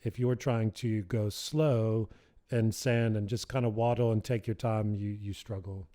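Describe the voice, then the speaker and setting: A man's voice: lowish voice, steady tone, measured pace, mellow. A man from the United States whose American accent is blended with South African, talking casually as a guest with frequent laughs and fillers. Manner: easygoing, laughs often, many fillers. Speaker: guest, motorcycle tour operator. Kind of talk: casual interview chat.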